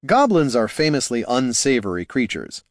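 A man reads a comic fantasy audiobook in a wry, measured manner. His voice sits at a middle pitch and the recording is close and dry, with no room sound. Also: big pitch swings, dry recording. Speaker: narrator. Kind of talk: audiobook narration.

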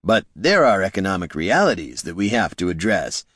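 A man's voice: low-pitched, very animated, normal speed, a bit bright, dry recording, studio quality, exaggerated voice. A man voicing a smug, talkative male bandit who speaks in a wordy, mock-polite way.

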